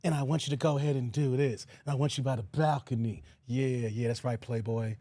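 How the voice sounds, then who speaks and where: A man doing a comic impression of a famous music mogul, drawling in a slow, smug murmur. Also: mid-range voice, fairly even intonation, dark tone, dry recording, voice pushed down, natural voice. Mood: directing. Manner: drawling, self-satisfied, murmured.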